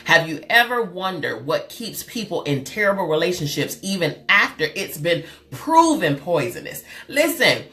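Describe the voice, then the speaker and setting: A woman hosting a casual live stream, talking to viewers in a lively, chatty way and calling them girl and honey, with big swings in pitch. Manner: loud, expressive swings in pitch. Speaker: live show host and therapist.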